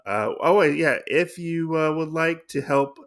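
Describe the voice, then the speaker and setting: Creaky-voiced man hosting a casual podcast. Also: on the high side, unhurried, a bit bright. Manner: rambling, many fillers and restarts. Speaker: podcast host. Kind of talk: casual comic book recap.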